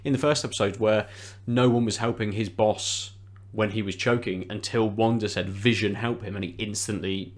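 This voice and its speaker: A man's voice: fairly low pitch, steady tone, moderate pace. A man co-hosting a podcast in casual chat, hesitant, often restarting his sentences as he thinks aloud. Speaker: podcast co-host.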